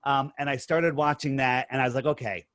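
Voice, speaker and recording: A man's voice: mid-range voice, steady tone, fairly bright tone, no echo. Emphatic storytelling man, dry close sound. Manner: emphatic, storytelling, quick bursts. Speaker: podcast guest. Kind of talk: casual interview talk.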